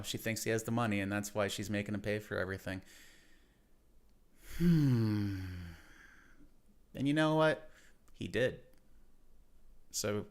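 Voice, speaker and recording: Brief: low-pitched male host reacting to a clip with dry, wry remarks. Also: clean tone. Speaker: commentary host. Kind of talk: reaction commentary.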